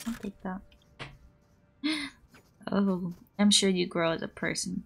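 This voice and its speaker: A young woman streaming a game, chatting casually with her viewers; her voice is raspy and hoarse from just waking up, and she giggles often. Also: mid-range voice, expressive, slow, fairly bright tone. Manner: bubbly, giggly, playful. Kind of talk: casual live-stream chat.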